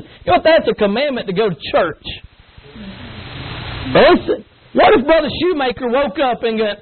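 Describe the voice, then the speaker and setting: An expressive middle-aged man with an extremely high pitch delivers a folksy, emphatic sermon to young people at normal speed. He mimics whining children with grunts, while the tinny, phone-like line carries faint noise.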